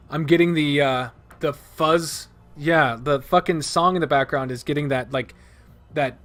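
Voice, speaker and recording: Expressive man narrating a visual novel. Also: medium pitch. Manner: expressive, dramatic read with asides. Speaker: let's player reading a visual novel. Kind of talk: narrating a game aloud.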